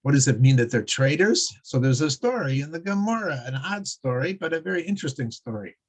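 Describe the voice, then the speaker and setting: A man teaching a Torah class, telling stories in a halting way with many restarts and frequent chuckles. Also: on the high side, expressive. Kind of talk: religious class with storytelling.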